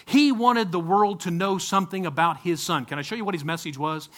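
Male pastor, high voice, bright forceful tone, informal baptism sermon, conversational, frequent restarts. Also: a little fast. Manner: conversational, with frequent restarts and sudden bursts of excitement.

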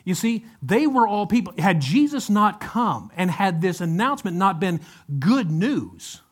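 A man's voice: high-pitched, big pitch swings, a little slow. A man preaching a sermon in a conversational way, often turning to the congregation with rhetorical questions. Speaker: pastor.

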